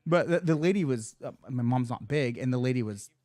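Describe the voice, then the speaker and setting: A young fighter, appearing as a podcast guest, chats casually and tells meandering, swear-filled stories. His medium-pitched voice has lively intonation, a slightly quick pace, and a somewhat mellow quality, recorded at studio quality with no room sound.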